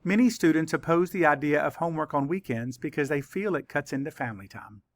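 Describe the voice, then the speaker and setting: A man teaches a children's spelling lesson in a voice pitched a little above the usual male range. He spells words out slowly and deliberately, letter by letter. The recording is close and dry, with no room sound. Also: expressive, no echo.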